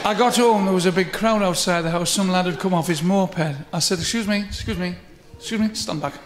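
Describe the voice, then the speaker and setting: Man, brash swearing comic, high voice, roomy echo. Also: brisk, some chatter behind. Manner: brash, swearing storyteller acting out both sides. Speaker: stand-up comedian. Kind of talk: stand-up joke telling.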